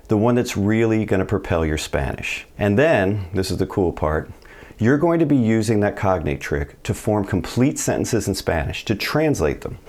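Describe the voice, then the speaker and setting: A man teaching a video language lesson in a relaxed, upbeat way, explaining each step plainly. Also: lowish voice. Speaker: Spanish teacher.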